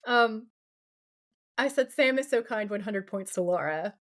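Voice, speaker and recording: A woman's voice: mid-range voice, unhurried. Woman, podcast co-host, casual recap chat, quotes dialogue, ranty. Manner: animated retelling, quoting dialogue and ranting.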